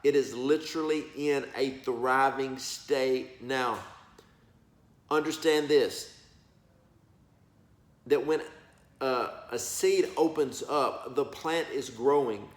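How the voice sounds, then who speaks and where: A man preaches with folksy, emphatic energy, swinging his pitch up and down and stretching words for effect. His voice sits at a medium pitch and carries the echo of a bare room. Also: slow, long pauses. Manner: folksy, emphatic, addresses listeners as y'all and baby. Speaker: preacher sharing prophetic words. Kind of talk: animated preaching to camera.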